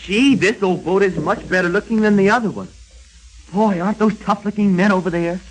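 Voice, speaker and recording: An actor playing an excited, chatty young boy in a 1940s radio drama. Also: high voice, fairly quick, lightly acted, poor audio. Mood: wary. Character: wide-eyed young boy.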